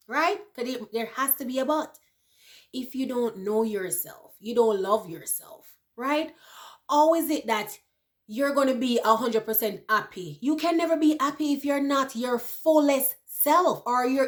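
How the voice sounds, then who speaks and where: A woman in her thirties talking casually to her viewers, animated, laughing often and checking in with "you know" and "right". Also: high-pitched. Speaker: vlogger. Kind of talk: casual chat to camera.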